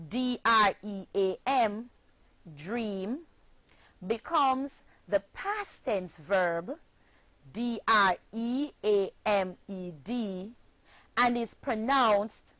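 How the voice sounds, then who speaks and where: A woman's voice: a little high, a bit bright, dry recording, rough recording. A woman with a Jamaican accent teaching a scripted phonics lesson, spelling words out letter by letter.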